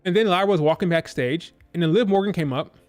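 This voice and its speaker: A man's voice: sits high, fast, a little mellow, soft background music. A man casually reviewing a wrestling show on a live stream, rambling with lots of fillers. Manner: rambling, filler-heavy, loose and conversational.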